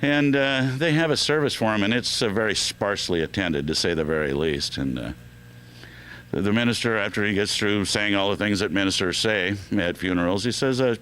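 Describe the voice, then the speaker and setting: Low-voiced man telling jokes on radio. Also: brisk, fairly bright tone, clear, resonant tone. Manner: loose and joking, many fillers. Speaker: radio show host.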